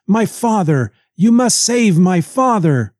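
A man voicing a young woman who pleads in formal, selfless words, in a raised, louder voice. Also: high voice, big pitch swings, slow pace, no echo, studio quality, pitched above the performer's own voice, heavily acted. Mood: pleading.

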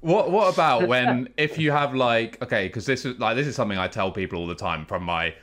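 A man's voice: mid-range voice, a little fast, a bit bright. A man who is a regular guest on a talk show, rambling and self-mocking in casual chat.

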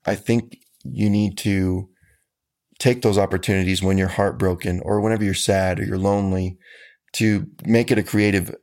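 A man, a country musician, answering interview questions about his music in an earnest, folksy, measured way. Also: sits low, fairly even intonation, a little mellow.

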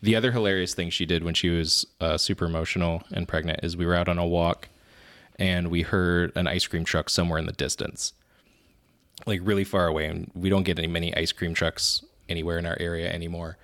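A man co-hosting a podcast, telling animated stories about being a father and often laughing at his own anecdotes. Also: low-pitched, fairly quick. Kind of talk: casual chat.

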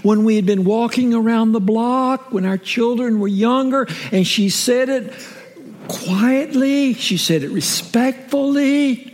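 A middle-aged man preaching a sermon as a pastor, with emphatic swings from raised shouts down to whispers. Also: extremely high pitch, measured pace. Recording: long hall reverb.

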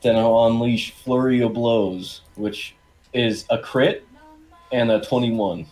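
A man's voice: medium pitch, fairly even intonation, slow, a little mellow, poor audio. A man playing a tabletop game, casual, crude and rambling as he narrates his character's moves. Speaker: player.

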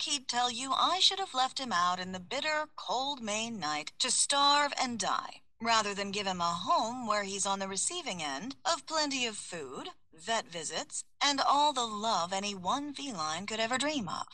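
A woman narrating a comic first-person audiobook in a lively, expressive way with a sense of comic timing. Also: a little high, dry recording, low-quality recording.

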